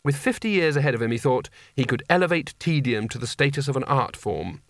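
A man narrates a comic fantasy novel in a wry, expressive way, his voice rising and falling freely. His pitch sits in an ordinary middle range for a man. The recording is dry and close, with no room sound. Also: brisk, dry recording. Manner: expressive, wry storytelling delivery. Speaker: audiobook narrator.

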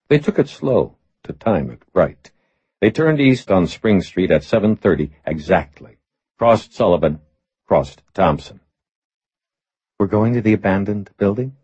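A man narrating an audiobook in a measured, steady reading voice. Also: low voice, slightly rough, dry recording. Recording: slightly muffled recording.

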